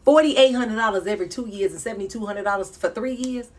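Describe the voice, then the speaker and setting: A woman, reacting to a video in an animated, preachy way with laughing asides. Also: medium pitch, fast. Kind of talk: reaction commentary.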